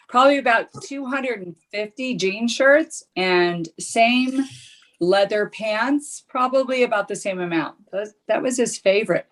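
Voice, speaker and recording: A woman's voice: mid-range voice, a bit bright. A middle-aged woman joining a casual show over a video call. She tells stories in a chatty, easygoing way and laughs often. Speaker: guest. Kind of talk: casual chat.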